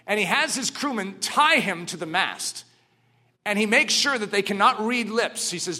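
A man preaching a sermon, telling stories dramatically and swinging from hushed to ringing. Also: sits high, lively intonation, normal speed.

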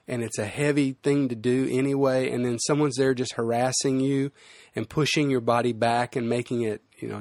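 A man's voice: medium pitch, no echo. Male pastor, mid-range voice, casual explanatory sermon delivery, dry recording. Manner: conversational and explanatory, with fillers and restarts.

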